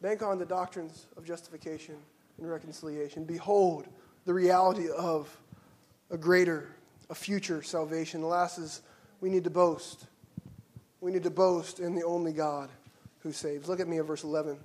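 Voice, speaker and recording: Pastor, man, higher voice, fervent sermon delivery with hushed and loud swings. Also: fairly even intonation, moderate pace, slight background noise. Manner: passionate preaching, swings from hushed to loud exclamations. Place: church sanctuary.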